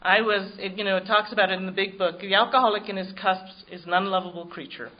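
A woman's voice: medium pitch, fairly even intonation, fast talker, lo-fi sound. A woman giving personal testimony at a recovery meeting, telling her story in a wry, self-mocking way.

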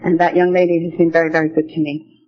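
A woman's voice: sits low, little pitch movement, quick pace. An older woman speaking at a recovery meeting, telling her own story in a plain-spoken, earnest way from the podium. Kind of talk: personal testimony talk. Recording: dull lo-fi recording.

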